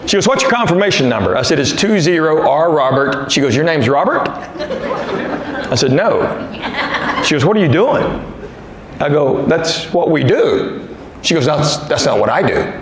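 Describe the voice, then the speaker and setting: A man's voice: a little high, big pitch swings, normal speed, pauses often. A middle-aged man doing a stand-up comedy set, telling stories and acting out the dialogue. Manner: storytelling, acting out dialogue with character voices. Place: large venue with live audience laughing. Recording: echoey live venue with crowd noise.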